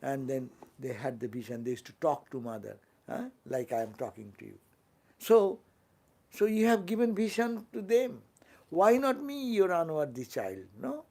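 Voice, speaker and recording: This older man's voice is medium-pitched, creaky, husky and dark, and he sounds animated as he preaches. He's a monk with an Indian English accent giving a fervent sermon, frequently questioning his audience and adding quick tag-questions.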